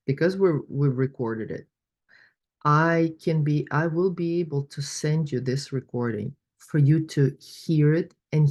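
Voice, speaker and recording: Low-voiced woman coach. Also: darkish tone. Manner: storytelling, encouraging, with many fillers. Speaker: money coach. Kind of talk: online workshop presentation.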